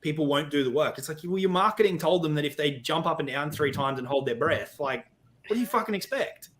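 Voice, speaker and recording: Blunt, bright-voiced man. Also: fairly high pitch, fairly even intonation, brisk, slight background noise. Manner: blunt, swears, quotes himself. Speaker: podcast guest. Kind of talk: casual chat.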